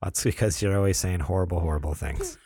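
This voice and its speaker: A man in his thirties with a very low voice co-hosts a casual podcast, easygoing and teasing, often breaking into laughter. His voice is recorded dry and close to the mic. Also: animated, quick pace, warm tone, husky, no echo. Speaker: podcast co-host.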